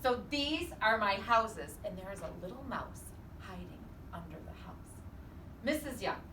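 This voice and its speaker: A woman preschool teacher reading a storybook aloud and leading a guessing game in an animated, encouraging, singsong way. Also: mid-range voice, unhurried, far from the mic. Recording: echoey room, off-mic, faint hiss.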